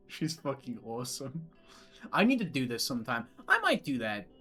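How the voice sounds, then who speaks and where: A young male streamer reads a visual novel aloud and rambles to his chat between lines, giggly and loose with his swearing. His voice sits in an ordinary middle pitch, with faint game music running underneath. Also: wildly swooping pitch, moderate pace, sharp tone.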